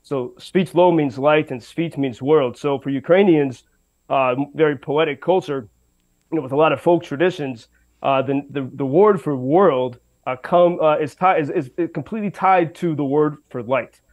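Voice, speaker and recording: A man's voice: a little high, normal speed, darkish tone, muffled recording. A man reporting by radio from western Ukraine, speaking unscripted with many fillers and restarts. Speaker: radio correspondent.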